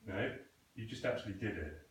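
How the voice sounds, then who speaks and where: A man's voice: lowish voice, lively intonation, a little fast, slight background noise. A man teaching a student krav maga, patiently correcting technique and asking questions in a training hall. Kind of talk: coaching a student in a class. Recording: echoey room, voice from a distance.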